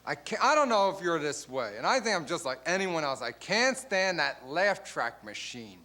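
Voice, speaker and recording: Animated stand-up comic, high lively voice. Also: male voice, moderate pace. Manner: animated, acts out bits in loud put-on voices. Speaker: stand-up comedian. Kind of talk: stand-up comedy routine. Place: live television stage before a studio audience. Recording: noisy live broadcast with crowd laughter. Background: audience laughter.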